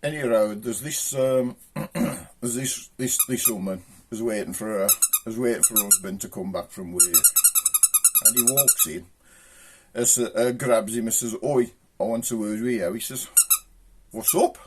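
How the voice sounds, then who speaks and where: A man with a Black Country accent telling jokes, doing his characters' voices with shouts and raised pitch. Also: wildly swooping pitch, a little slow, noisy background. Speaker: joke teller.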